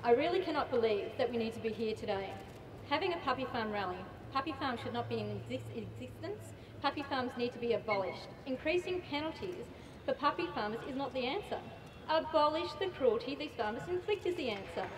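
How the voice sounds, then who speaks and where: Aussie woman speaking at an outdoor rally, fairly high voice, echoey pa from far away. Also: lively intonation, fairly quick, noisy background. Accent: Australian. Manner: emphatic, repeats phrases for effect. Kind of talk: impassioned public speech. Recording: echoey PA sound from far off, loud ambience.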